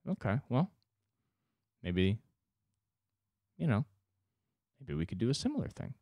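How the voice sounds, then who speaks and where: A man voicing a scheming male official who casually pitches a war plan like a sales pitch. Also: sing-song, a little slow, dark tone, breathy edge, no room sound, exaggerated voice. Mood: breezy scheming.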